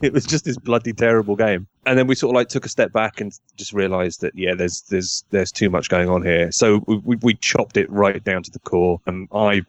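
Low-voiced man, chatty and self-deprecating. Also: fairly even intonation, fairly quick, hardly any pauses, no room sound. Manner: self-deprecating, rambling with many restarts. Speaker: podcast guest, game designer. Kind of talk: casual interview chat.

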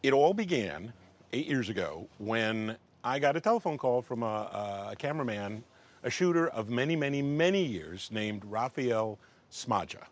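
A middle-aged man, a film professional appearing as an interview guest, tells a wry anecdote in a medium-pitched voice at a moderate pace. He's animated, acting out the dialogue as he goes.

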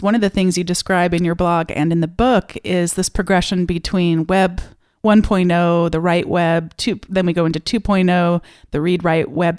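A woman's voice: lowish voice, a little mellow, clear, resonant tone, no room sound, clean studio sound. A woman hosting a podcast, talking thoughtfully and often correcting herself mid-sentence. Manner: thoughtful, with frequent self-corrections. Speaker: podcast host. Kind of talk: casual conversational interview.

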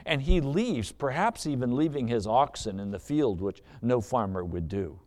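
A man's voice: mid-range voice, lively intonation, normal speed, a little mellow. A man preaching a sermon, telling a parable as a vivid, dramatic story. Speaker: pastor.

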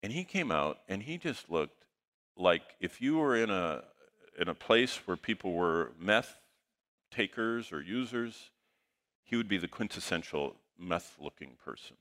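Middle-aged male pastor, sermon storyteller, low pitch, forceful tone. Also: measured pace. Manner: animated anecdote, quotes dialogue in lively voices.

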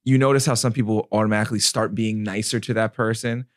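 A man in his thirties hosting a casual chat, animated and profane, acting out quotes. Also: on the low side, fast, no room sound, clean studio sound.

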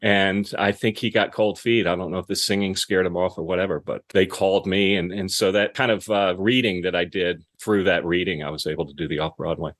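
Animated, chatty actor telling stories. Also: male voice, low voice, a little fast, few pauses, no room sound. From Richmond, Virginia. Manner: chatty, animated, laughs easily, rambling restarts. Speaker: actor guest. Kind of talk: casual interview storytelling.

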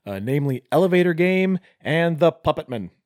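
Joking male podcast co-host, slightly high and animated, dry close sound. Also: a little fast, no room sound. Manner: joking, bantering. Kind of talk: casual chat.

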